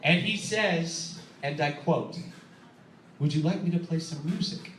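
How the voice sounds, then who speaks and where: A man performing a stand-up comedy set, telling a story with animated delivery, acting out voices and laughing at his own jokes. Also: fairly high pitch, measured pace, far from the mic, heavy background noise. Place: comedy club stage. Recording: echoey club recording, audience laughter. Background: audience laughing.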